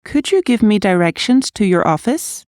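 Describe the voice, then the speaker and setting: A woman reading short English practice sentences, carefully and clearly, with a lift on polite requests. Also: medium pitch, sing-song, normal speed, darkish tone, dry recording, studio quality.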